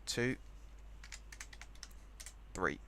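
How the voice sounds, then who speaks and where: A man's voice: very slow, sharp tone, a little hiss or hum. Chatty man thinking aloud. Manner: rambling, chatty, thinks aloud while typing. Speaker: let's play host. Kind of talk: casual gameplay commentary.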